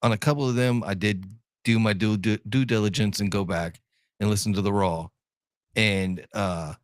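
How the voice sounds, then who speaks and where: A man's voice: fairly low pitch, fairly even intonation, moderate pace, no room sound, clean studio sound. A man from Ohio co-hosting a podcast in casual chat, joking, laughing often and repeating his words. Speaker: podcast co-host.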